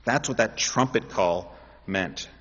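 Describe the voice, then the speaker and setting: A man preaching a sermon in an animated way, building up to loud, emphatic calls. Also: on the low side, slow pace, slightly rough. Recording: dull sound with long hall reverb.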